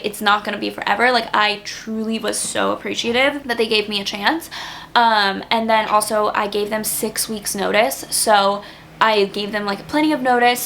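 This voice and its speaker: A woman's voice: fairly high pitch, gravelly, a bit bright, a little hiss or hum. A young woman in her twenties talking casually to camera as a YouTuber, earnest and grateful, with lots of "like" fillers. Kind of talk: casual vlog talk to camera.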